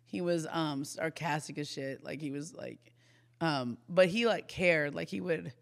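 A woman appearing as a basketball reporter guest, chatting casually and telling animated stories that act out the quotes, laughing often. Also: deep voice, unhurried, creaky. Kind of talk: casual podcast chat.

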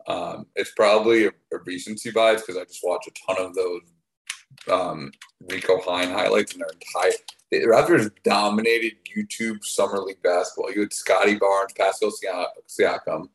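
A man with a low voice talks casually about sports as a co-host. He rambles and halts, often restarting his sentences. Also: steady tone, slight background noise, rough recording. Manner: rambling, halting, many fillers and restarts. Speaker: podcast co-host.

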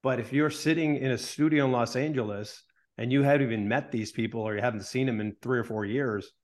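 Dude talking sports on a podcast, steady and deliberate, normal pitch. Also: male voice. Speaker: sports broadcaster and podcast co-host. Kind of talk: casual sports talk.

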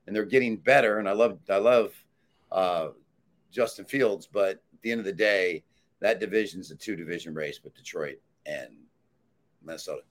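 A man's voice: low-pitched, moderate pace. A man handicapper in casual sports talk, confidently and emphatically giving his betting picks.

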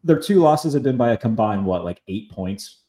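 A man hosting a casual sports talk podcast, chatty, full of fillers and quick asides. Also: lowish voice, animated, mellow, reverberant. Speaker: podcast host.

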